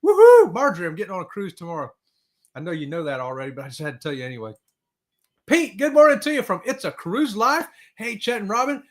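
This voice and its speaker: A man chats on his livestream at home, greeting viewers one after another. His voice sits high and swings widely in pitch, with frequent whoops and easy laughter. He sounds excitable and drawls casually. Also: fast. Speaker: livestream host.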